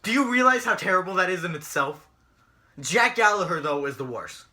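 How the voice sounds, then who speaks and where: A man's voice: sits high, lively intonation, a little fast, pushed and bright. A young man co-hosting a casual chat show, ranting and mocking with lots of swearing. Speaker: podcast co-host.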